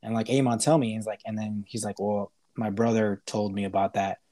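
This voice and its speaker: A man on a podcast, casually retelling a TV episode in a rambling way, with lots of fillers and quick acted-out quotes. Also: lowish voice, level tone, mellow. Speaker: podcast host. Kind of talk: casual chat recapping a TV episode.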